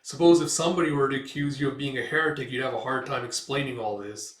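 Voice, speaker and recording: A harsh swordsman speaks curt and cold, as a man reading aloud voices him. His tone stays level at an everyday man's pitch and rings with the echo of a distant mic in a roomy space. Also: fairly even intonation, fast, natural voice. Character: gruff, harsh male swordsman.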